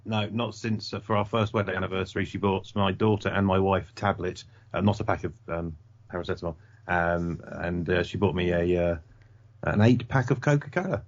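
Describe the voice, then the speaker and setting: A man co-hosting a podcast, making wry, teasing deadpan asides in casual chat. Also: low-pitched, fairly quick. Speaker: podcast co-host. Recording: dull lo-fi sound.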